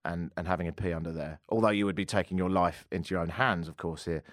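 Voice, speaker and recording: A man's voice: low-pitched, steady tone, fast, dry recording, studio quality. A man hosting a talk radio show, rambling, jokey and self-deprecating. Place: radio studio.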